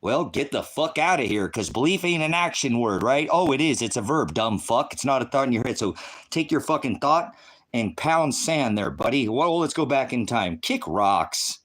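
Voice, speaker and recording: American man, ministry streamer, combative profane rant to chat, mid-range voice, jumps from muttering to shouting. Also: animated, moderate pace. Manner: swings between low mutters and loud outbursts.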